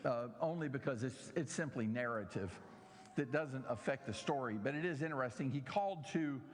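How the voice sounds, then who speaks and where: A man teaching a church Bible lesson, slow and emphatic, drawing out key words and asking the audience questions. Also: mid-range voice, lively intonation. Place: church hall. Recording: long hall reverb.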